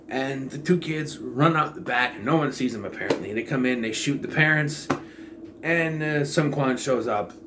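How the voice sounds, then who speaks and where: A man's voice: on the high side, fairly bright tone, a little hiss or hum. A man giving a casual, rambling movie review in a sarcastic, blunt way.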